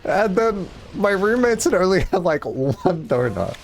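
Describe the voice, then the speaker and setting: Animated young man telling a story. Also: high-pitched, a little slow, vocal fry, a little hiss or hum. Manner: animated, laughing, swearing. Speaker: streamer. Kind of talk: casual storytelling while gaming.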